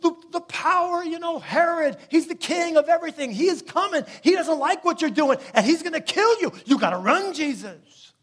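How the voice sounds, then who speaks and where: A man's voice: extremely high pitch, lively intonation, a bit bright, pitched above the performer's own voice. A man voicing a group of panicked male disciples who plead in a rush. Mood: frantic. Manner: frantic, rushed, pleading.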